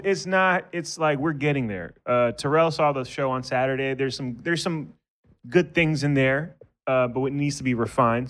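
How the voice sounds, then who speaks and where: Laid-back young man, slangy banter. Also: mid-range voice. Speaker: podcast host and stand-up comedian. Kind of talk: casual podcast chat.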